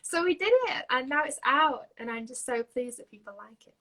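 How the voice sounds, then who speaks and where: A woman's voice: sits high, fairly quick, bright, forceful tone, low-quality recording. A young woman from Yorkshire with a Yorkshire accent, a singer-songwriter chatting as an interview guest, giggly and full of fillers. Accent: Yorkshire English. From Yorkshire, England. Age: young adult. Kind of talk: casual interview chat.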